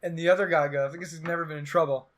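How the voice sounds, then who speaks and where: A young man hosts a podcast and tells a long story in loose, casual chat. His voice sits a little high, and he gets animated and sarcastic whenever he acts out what other people said. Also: racing. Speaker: podcast host.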